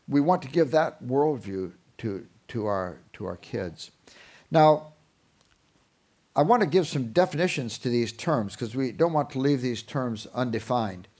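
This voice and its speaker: A man leading a Christian parenting seminar, speaking in an easy, conversational voice. He stumbles over repeated words as he gathers his thoughts. He slips into the voices of parents and children to make his points. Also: mid-range voice. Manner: acts out parents and children in quotes. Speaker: parenting teacher.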